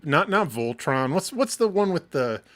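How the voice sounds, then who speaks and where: A man from Michigan co-hosting a casual live entertainment show, excitable and swearing freely, laughing often. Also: on the high side, moderate pace. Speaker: co-host. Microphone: wired mic on a short cord.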